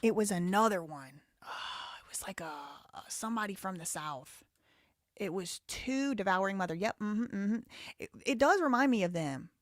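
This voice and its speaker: A woman's voice: mid-range voice, lively intonation, normal speed, no echo, clean studio sound. A woman hosting a live commentary show, talking in a heated, blunt and profane way. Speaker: show host.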